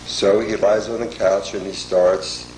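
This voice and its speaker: An older man delivers a formal lecture at a very unhurried pace, his voice sitting a little low. He measures each phrase and pauses often. The sound is roomy and echoey, with a faint hiss behind it. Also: little pitch movement. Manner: measured, deliberate, pausing often. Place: lecture hall.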